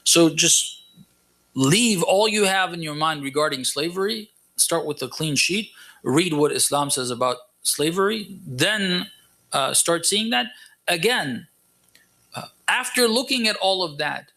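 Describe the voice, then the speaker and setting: A man's voice: a little high, lively intonation, a little slow, vocal fry, bright, forceful tone. A man delivering a religious lecture to a gathering, emphatic, repeating his points and firing off rhetorical questions. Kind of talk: lecture-style sermon.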